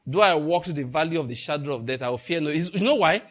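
A middle-aged male preacher giving a sermon, swinging between hushed emphasis and loud bursts, laughing often. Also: a little high, fairly quick, slightly rough.

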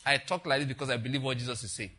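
An older man preaches. His voice is bright and forward but husky, and he keeps turning to the congregation with rhetorical questions. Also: mid-range voice, steady tone, very fast. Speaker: pastor. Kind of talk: sermon.

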